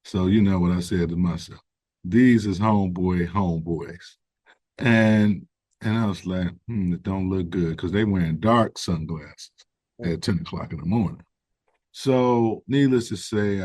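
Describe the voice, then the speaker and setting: Low-voiced man, earnest and reflective. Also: a little slow, no echo. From United States. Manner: earnest, reflective, builds to animated emphasis; conversational with fillers. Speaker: guest, recovery organization founder. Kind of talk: interview storytelling.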